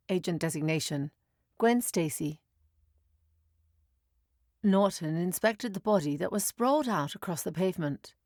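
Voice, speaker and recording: A woman with a lowish voice narrates a first-person story. Her delivery is wry and dry, and the recording is close with no room sound. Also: no echo.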